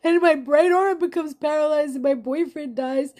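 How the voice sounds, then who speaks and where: Here a vlogger's high-sitting, dark-toned voice moves at a moderate pace through a confessional rant. She is clearly angry, swearing and letting her emotions spill out unfiltered.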